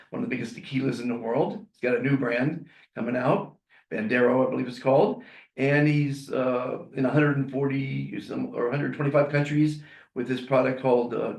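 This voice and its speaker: A man's voice: medium pitch, fairly even intonation, moderate pace, creaky, darkish tone, roomy sound. A man hosting a podcast, talking in an upbeat, rambling way and reading out inspirational quotes. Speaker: podcast host. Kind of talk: podcast monologue.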